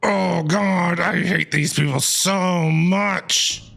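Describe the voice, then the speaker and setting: A man's voice: high voice, steady tone, extremely slow, creaky, fairly bright tone. A man streamer reacting emotionally to a game's story, exclaiming and repeating himself. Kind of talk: casual game reaction commentary.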